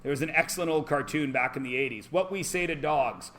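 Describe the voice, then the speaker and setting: A man's voice: on the high side, brisk, fairly bright tone. A man teaching a math class, joking and punning, quizzing students with call-and-response. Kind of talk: classroom lecture.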